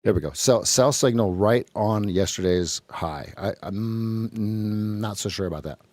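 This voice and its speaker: A man hosting a live trading stream, giving joking, quick market commentary. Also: lowish voice, a little mellow, dry recording, clean studio sound.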